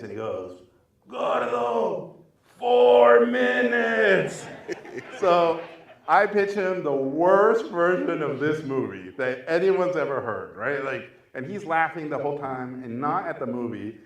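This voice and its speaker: A man, a filmmaker guest at a screening Q&A, telling a lively anecdote and acting out quotes with big jumps in pitch and loudness. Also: normal speed, hardly any pauses. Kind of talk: animated storytelling anecdote. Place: festival screening venue, live audience. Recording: echoey venue, distant mic.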